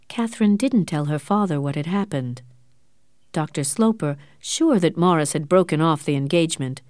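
A woman narrating an audiobook in a clear, measured storytelling manner. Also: low-pitched, darkish tone, no room sound, studio quality.

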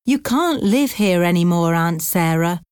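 A woman voicing a calm, caring young woman in an audiobook, gently reassuring. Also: on the low side, unhurried, clear, resonant tone, dry recording, studio quality.

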